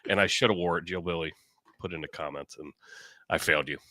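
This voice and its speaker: A man co-hosting a casual talk show, agreeable and quick to laugh, with halting, restarting sentences. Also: sits low, pushed and bright, no room sound. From United States. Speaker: podcast co-host. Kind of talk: casual chat.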